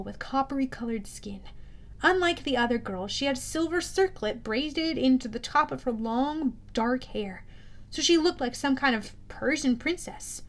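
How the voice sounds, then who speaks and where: A woman narrating an audiobook in a steady storytelling manner, now and then correcting herself. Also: high voice.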